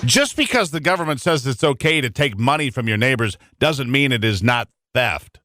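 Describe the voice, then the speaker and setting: A middle-aged man delivers a fiery talk radio rant, hammering his points with repetition. His pitch swings widely as he presses each point. The sound is dry and close, with no room around him. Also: animated, normal speed, pushed and bright, no room sound, faint music behind. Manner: fiery, emphatic, repetitive preaching. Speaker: radio talk show host. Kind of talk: opinionated talk radio monologue.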